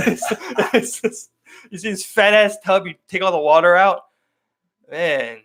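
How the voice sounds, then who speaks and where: A man with a Baltimore accent and a slightly raised pitch chats loosely on a podcast. He restarts his thoughts and runs on in quick bursts with a relaxed, unscripted feel. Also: background noise. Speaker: podcast co-host. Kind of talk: casual chat.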